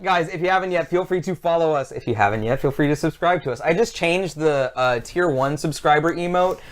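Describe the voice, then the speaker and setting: A man's voice: on the high side, brisk. A man hosting a casual livestreamed podcast, meandering through explanations with lots of fillers and plugging the channel. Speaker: podcast host.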